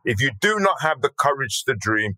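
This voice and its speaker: Older male guest, forceful and bright, emphatic, swears freely. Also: mid-range voice, big pitch swings, a little fast, no room sound, low-quality recording. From Birmingham, England. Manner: blunt, earthy and emphatic, swears casually. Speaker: podcast guest. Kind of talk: storytelling interview talk.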